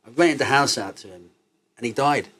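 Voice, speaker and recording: A man's voice: medium pitch, brisk. Swearing man telling wild stories. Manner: swearing, animated, laughs through his stories. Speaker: interview guest, cannabis entrepreneur. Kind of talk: casual interview storytelling.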